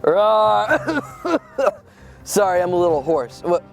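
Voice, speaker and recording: A performer playing a friendly, faithful male lion in a children's skit, talking in a relaxed and hesitant, jokey way. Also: mid-range voice, slow pace, gravelly, soft background music, full character voice. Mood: easygoing. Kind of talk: comedic skit acting.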